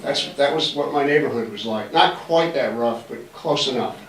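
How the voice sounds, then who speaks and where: A man's voice: mid-range voice, moderate pace, a little hiss or hum. A man in his sixties from Massachusetts, giving a folksy, joking storytelling talk in a library auditorium and acting out the voices of people he quotes. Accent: faint Massachusetts. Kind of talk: storytelling lecture. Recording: roomy hall, distant mic.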